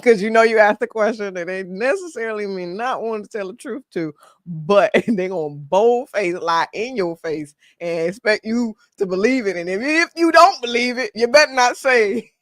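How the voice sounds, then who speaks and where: A woman hosting a reaction video, teasing and laughing loudly as she comments on a clip. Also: medium pitch, lively intonation, normal speed, dry recording, clean studio sound.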